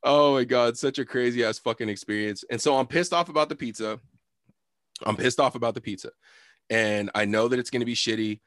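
A young man co-hosting a podcast, telling a long story in a loose, profane, animated way with lots of fillers. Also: medium pitch, a little fast, dry recording, clean studio sound. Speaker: podcast co-host. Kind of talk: casual storytelling chat.

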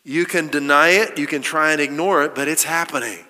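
Bright-voiced preacher in a reverberant hall. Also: male voice, on the high side, fairly quick. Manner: emphatic, rhetorical questions, quoting scripture. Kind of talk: sermon.

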